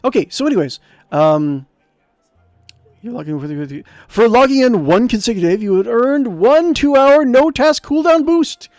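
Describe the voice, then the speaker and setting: A man's voice: very high voice, animated, normal speed, a little mellow, no room sound, clean studio sound, soft background music. A man streaming a text adventure game, reading the game text aloud and chatting in a rambling way. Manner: rambling, chatty, many fillers and restarts.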